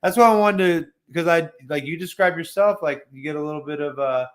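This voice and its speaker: A man in his thirties from Texas, hosting a live chat show, talking in a loose, slangy way with swearing and quick laughs. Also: on the high side, echoey room. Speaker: host. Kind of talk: casual chat.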